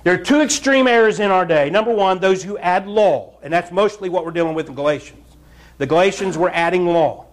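A man's voice: sits high, brisk. A man preaching a fiery, blunt sermon in church, scolding the congregation. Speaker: pastor.

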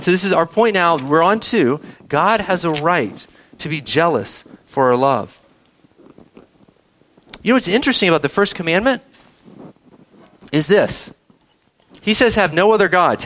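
A man preaching a sermon, reading verses and asking the congregation questions, speaking to kids too. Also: a little high. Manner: animated preaching, asks the audience questions, addresses kids. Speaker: pastor.

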